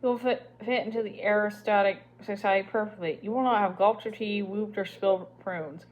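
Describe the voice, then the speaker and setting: A haughty English lady, done by a woman reading the story, lays out her plans in a condescending drawl. Her manner is grating and superior, talking down to a little girl. She mocks even while she sounds polite. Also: medium pitch, a little fast, dull audio, lightly acted. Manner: condescending, mocking.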